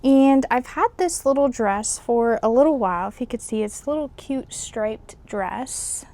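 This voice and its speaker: A woman's voice: a little high, animated, a little slow, mellow. A young woman casually vlogging about her reselling business, chatty and full of fillers as she shows items to the camera. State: a little out of breath. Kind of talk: casual vlog narration.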